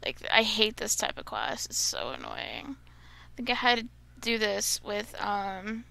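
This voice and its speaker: A young woman gamer talking her way through a play session in a slow, gravelly voice. She grumbles and gets exasperated easily, chatting casually to herself, with a bright, fairly high tone. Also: sing-song. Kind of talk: casual gameplay commentary.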